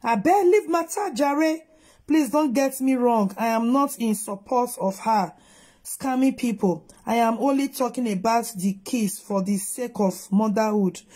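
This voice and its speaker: Nigerian Pidgin-accented woman vlogger, higher husky voice, scolds hard while reacting to a clip. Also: a little mellow. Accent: Nigerian Pidgin English. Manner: scolding, emphatic, switching between English and Pidgin. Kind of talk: reaction commentary on a video.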